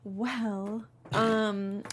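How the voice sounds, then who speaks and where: A woman's voice: mid-range voice, little pitch movement, extremely slow, heavy background noise. A woman co-hosting a casual podcast, teasing and laughing with the others. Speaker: podcast co-host. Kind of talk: casual chat.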